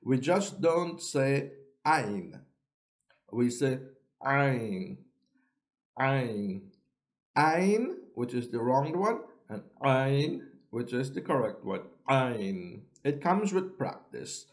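A man teaching how to pronounce letters, saying each sound slowly and clearly, with pauses for the listener to repeat. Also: mid-range voice, animated, a little mellow. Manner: drawn-out, deliberate letter sounds with pauses for repetition. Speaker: Quran reading teacher. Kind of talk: slow pronunciation lesson.

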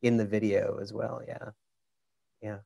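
A man's voice: lowish voice, level tone, unhurried, creaky, mellow. A man with a Minnesota accent, a camera expert casually explaining settings step by step over a video call, with lots of fillers.

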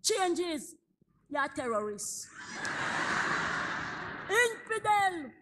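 An actress playing a strict churchgoing older mother with a Jamaican accent, loud and scolding in a comedy stage play. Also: very high-pitched, big pitch swings, drawn-out words, heavy background noise, heavily acted. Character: strict churchgoing Jamaican mother, married forty years, fiery.

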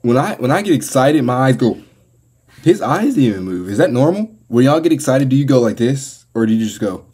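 An American man hosting a reaction video, talking casually and getting excitable as he comments and laughs along. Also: mid-range voice, brisk, breathy edge. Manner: excitable, laughs and exclaims often.

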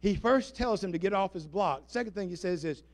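A male pastor with a fairly high voice, preaching with lively, dramatic swings in loudness. He calls out to the congregation and draws it into call-and-response, moving from booming lines to soft, close asides. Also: brisk. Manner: dramatic swings in loudness, shifting between emphatic and hushed. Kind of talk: sermon. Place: church sanctuary before a congregation.

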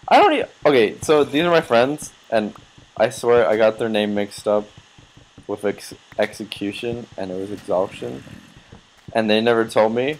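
A man's voice: fairly low pitch, rough recording. An eighteen-year-old man giving casual, rambling gameplay commentary, swearing and yelping when startled.

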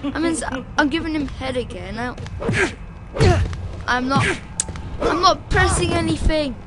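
A woman's voice: sits high, animated, a little slow, very noisy. A woman giving loose gameplay commentary, mocking the characters with frequent laughter and sudden outbursts. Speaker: let's play gamer.

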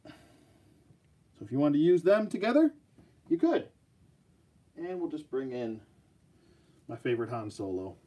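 Male toy reviewer, higher voice, very lively pitch, rambling jokey delivery. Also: measured pace, long pauses, dull audio. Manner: jokey, rambling, talks to viewers. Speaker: action figure reviewer. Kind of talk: casual live toy review.

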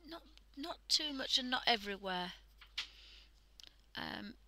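A British woman hosts a live art stream, demonstrating drawing with casual, soft talk that's often half-whispered and full of fillers. Her voice is a little high with lively intonation and a slow pace. There's no echo, but the recording is low quality.

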